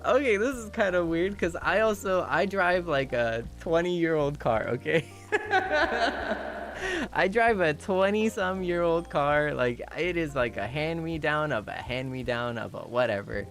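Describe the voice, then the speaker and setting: A man's voice: fairly high pitch, normal speed, hardly any pauses, faint music behind. A young man streaming, telling a rambling story in casual chat with lots of fillers and restarts. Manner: rambling, animated, lots of "you know" fillers and restarts, laughing at his own story.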